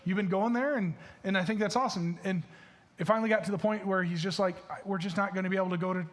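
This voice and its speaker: A man's voice: high voice, fairly even intonation, quick pace. A male pastor with a Michigan accent preaching a sermon in a casual, chatty way, full of fillers and restarts. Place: church stage.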